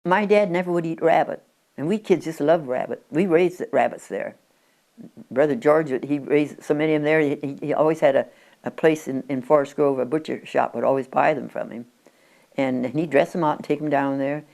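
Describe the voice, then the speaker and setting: A woman in her nineties from Oregon, USA, is interviewed at her country home, reminiscing in a chatty, rambling way and often restarting her sentences. Her voice sits low with vocal fry and a darkish tone, and she talks fairly quickly.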